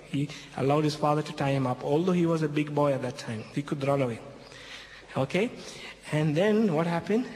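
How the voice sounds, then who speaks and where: A man's voice: a little high, a little hiss or hum. A man preaching a sermon, retelling a scripture story in with emphatic stresses and frequent "okay?" checks to his listeners. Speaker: pastor. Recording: reverberant hall, faint ambience.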